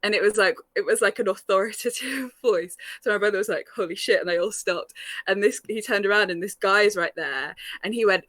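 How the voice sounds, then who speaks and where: A woman's voice: medium pitch, fairly quick, no echo, studio quality. A woman telling a funny story on a group chat show, giggling often and filling her talk with "like". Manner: giggly, animated, many fillers, acts out quotes. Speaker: storyteller on a live panel show. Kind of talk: casual storytelling.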